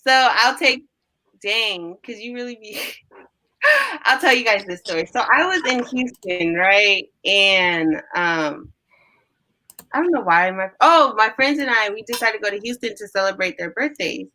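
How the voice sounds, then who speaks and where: A young woman chatting casually, telling animated stories and acting out what people said. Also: mid-range voice, a little slow, low-quality recording. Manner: animated storyteller, acts out quotes. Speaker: guest. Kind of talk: casual storytelling chat.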